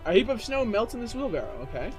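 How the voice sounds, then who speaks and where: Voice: mid-range voice, sing-song, fast talker, soft background music. A young adult streamer giving casual, joking commentary while playing, often stammering and rambling.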